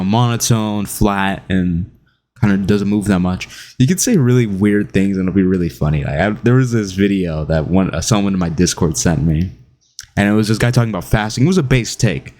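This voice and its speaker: A young man giving casual self-improvement advice in an animated, jokey way, acting out quotes. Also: on the low side. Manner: animated, jokey, laughs at his own stories, acts out quotes. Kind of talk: casual talking-head advice video.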